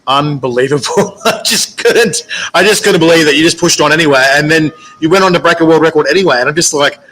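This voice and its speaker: A man's voice: fairly high pitch, fast, fairly bright tone, poor audio. A man hosting an interview, chatty and chummy, laughing often as he asks questions. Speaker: host. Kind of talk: casual interview chat.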